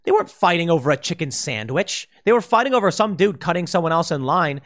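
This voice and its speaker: Man ranting in lively commentary. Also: on the high side, fast talker. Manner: heated, ranting, mocking impressions. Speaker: political commentary host. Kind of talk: opinionated solo commentary.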